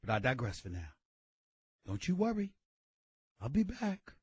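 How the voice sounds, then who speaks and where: A man hosting a sports radio show, ranting loudly and emphatically with frequent bursts of shouting into a studio mic. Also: medium pitch, wildly swooping pitch, a little slow, slightly rough, dry recording. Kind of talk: opinionated sports radio talk.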